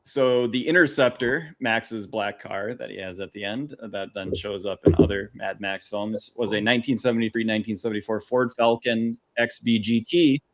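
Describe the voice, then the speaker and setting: Man, low voice, casual podcast co-host talking through a movie loosely. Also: normal speed, hardly any pauses. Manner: relaxed recapping with frequent fillers. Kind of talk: casual film discussion podcast.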